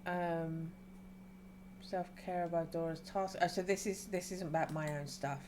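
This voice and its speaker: A woman streamer reading a game's dialogue aloud and reacting with excited squeals between calmer reading. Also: on the low side, measured pace, slight background noise.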